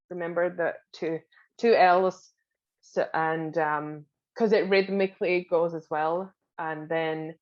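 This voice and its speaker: A woman teaching Finnish pronunciation, patiently explaining and repeating each word slowly. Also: lowish voice, muffled recording. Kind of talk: pronunciation lesson.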